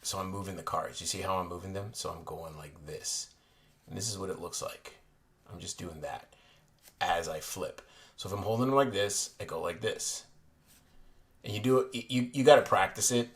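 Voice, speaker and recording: A man's voice: sits low, normal speed. A man casually explaining a card trick in a vlog, rambling and correcting himself as he goes. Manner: rambling, self-correcting, chatty. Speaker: playing card reviewer. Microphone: desk camera looking down on hands.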